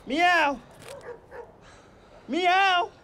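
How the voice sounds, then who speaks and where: A man's voice: very high-pitched, very slow, sharp tone, slight background noise, full character voice. A man playing a cocky, taunting house cat. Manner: cocky, taunting, mock meowing. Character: cocky male house cat in a cat suit, boastful and threatening. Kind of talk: indie comedy short film acting.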